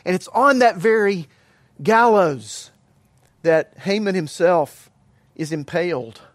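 A middle-aged man preaching a sermon as pastor, earnest and emphatic with measured pauses. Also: high voice, lively intonation, dry recording, clean studio sound.

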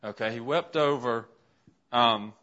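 Male Bible teacher, interactive classroom lesson, mid-range voice, muffled low-fidelity sound. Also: unhurried, pushed and bright. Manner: asks the class questions while writing a list on a board. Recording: dull, lo-fi classroom recording.

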